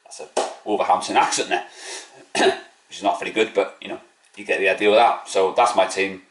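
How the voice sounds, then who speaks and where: A man's voice: low voice, steady tone, a little fast, a bit bright, a little hiss or hum. A man hosting a football fan channel, giving a blunt, opinionated match preview with some swearing. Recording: roomy echo.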